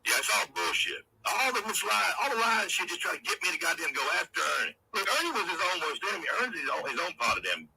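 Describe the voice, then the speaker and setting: A man's voice: high voice, very animated, fast, gravelly, hardly any pauses, pushed and bright, slight background noise, low-quality recording. A man hosting a livestream, delivering a profane, confrontational rant and taunting his critics. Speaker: livestream host.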